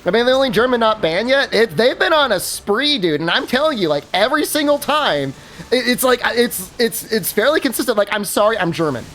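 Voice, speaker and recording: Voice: mid-range voice, big pitch swings, brisk, fairly bright tone, slight background noise. A game streamer chatting casually while playing, rambling with many fillers and restarts and laughing at their own stories. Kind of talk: casual livestream chat while gaming.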